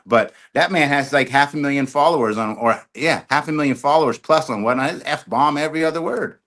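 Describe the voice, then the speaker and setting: Chatty middle-aged man, bright voice. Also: fairly high pitch, fairly quick. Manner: talkative, animated storyteller. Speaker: storage auction YouTuber, podcast guest. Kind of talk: casual podcast chat.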